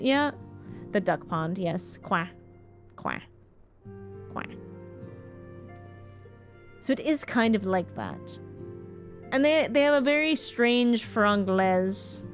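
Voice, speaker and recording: A woman from Ontario in Canada, chatting frankly and casually with her viewers while she streams a game, swearing now and then. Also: fairly high pitch. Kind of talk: casual live-stream chat while gaming.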